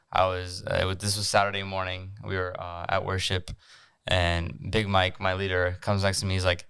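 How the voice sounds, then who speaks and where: Earnest young man, low smooth voice. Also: a bit bright, no echo. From France. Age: young adult. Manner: earnest, uses "like" a lot. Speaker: podcast host. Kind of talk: casual chat.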